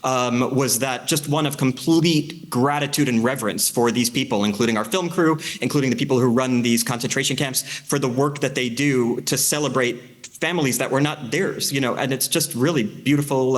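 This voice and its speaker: Fast-talking man on a film panel. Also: mid-range voice. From United States. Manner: rapid, hedging with many fillers and restarts. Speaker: filmmaker on a panel. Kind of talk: panel discussion.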